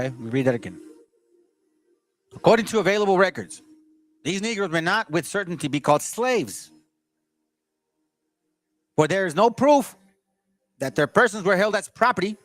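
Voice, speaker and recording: A man's voice: fairly high pitch, no room sound. A man hosting his channel, reading aloud from a history book and stopping to argue with his audience in a combative, lecturing way. He stumbles and restarts as he reads. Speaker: channel host.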